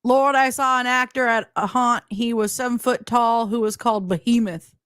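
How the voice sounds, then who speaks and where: A woman's voice: on the high side, fairly even intonation, normal speed, a bit bright, smooth, dry recording, studio quality. A woman hosting a casual chat show, joking crudely and laughing often. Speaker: podcast host.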